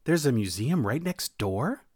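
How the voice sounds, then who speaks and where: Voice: mid-range voice, big pitch swings, a little slow, slightly rough, no room sound, studio quality. A storyteller voicing a shy, thoughtful young male mouse in a children's storybook. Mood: earnest. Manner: gentle, earnest.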